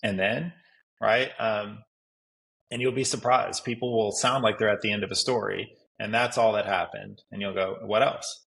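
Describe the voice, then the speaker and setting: Gravelly low-voiced male detective. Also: steady tone, moderate pace, fairly bright tone, poor audio. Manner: instructive, lays out numbered advice. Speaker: police detective, guest. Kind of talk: podcast conversation.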